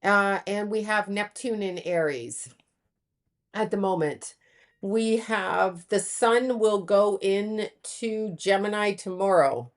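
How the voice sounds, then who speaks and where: A woman's voice: mid-range voice, takes it slowly. A woman guest on a podcast who works as an astrologer, speaking bluntly and swearing casually in a matter-of-fact way. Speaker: astrologer and psychic medium guest. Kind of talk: casual interview chat.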